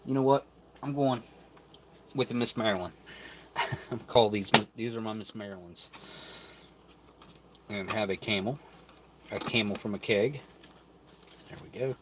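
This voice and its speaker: Over some background noise, a man with a lowish voice hosts a ration-review live stream. He opens packages and tastes the food while chatting and thinking out loud, sometimes with his mouth full.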